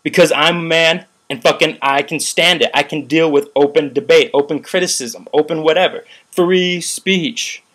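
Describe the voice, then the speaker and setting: A man's voice: on the high side, moderate pace, hardly any pauses, a bit bright. Profane ranting young man vlogger. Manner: profane, heated, rambling with frequent "like". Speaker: vlogger recounting a protest. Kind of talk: ranting video commentary.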